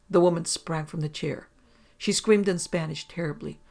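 A reader narrating a pulp detective story in an even, plain reading. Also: medium pitch, normal speed, gravelly. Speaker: audiobook reader.

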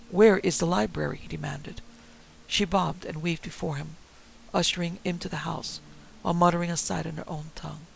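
A man narrating a novel as an audiobook in a measured storytelling manner. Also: on the high side, gravelly, a bit bright, a little hiss or hum, rough recording. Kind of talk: scripted narration.

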